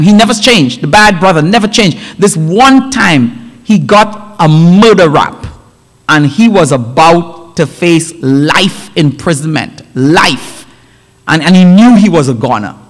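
A man preaching a sermon in a church, telling a story with emphatic, animated delivery and brief character voices. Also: a little high. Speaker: pastor. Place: church sanctuary. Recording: long church hall reverb.

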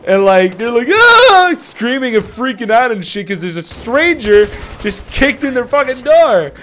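A man's voice: very high voice, lively intonation, normal speed, slight background noise. A young man chatting while gaming, telling rambling, profane stories with lots of laughing, recorded at home on a desk mic. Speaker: video uploader and player. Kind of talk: casual gaming chat. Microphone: home desk mic, audio only.

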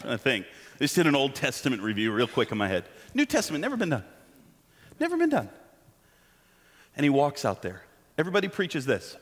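A man preaching a sermon in a church, animated and joking, with self-deprecating asides. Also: fairly high pitch, a little fast, long reverb tail. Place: church sanctuary.

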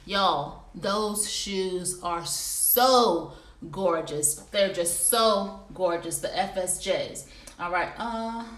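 A chatty woman runs a casual live shopping stream, talking straight to her viewers. Her voice sits in a middle range for a woman. The room around her is echoey. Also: medium pitch. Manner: chatty, addresses viewers as y'all. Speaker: livestream shopping host. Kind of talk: casual live product review. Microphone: phone or computer livestream.

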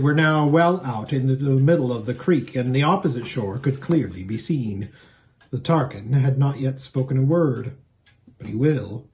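A pastor reading a children's novel aloud as an expressive storyteller. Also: male voice, fairly high pitch.

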